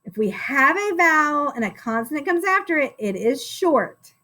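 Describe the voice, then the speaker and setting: A woman's voice: high-pitched, very animated, normal speed, sharp tone. A woman teaching a phonics lesson to young children, encouraging and sounding out words syllable by syllable.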